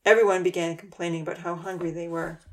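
Woman reading a kids storybook aloud, lowish voice, calm and steady. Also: quick pace. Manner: steady, gentle narration. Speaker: narrator.

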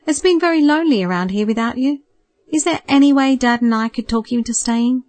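A woman voicing a warm, worried middle-aged mother who coaxes her grown son gently, read in a higher, lifted voice in a dry recording. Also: fairly quick, dry recording, natural voice. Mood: pleading. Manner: gentle, coaxing, softly persistent. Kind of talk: audiobook character voice.

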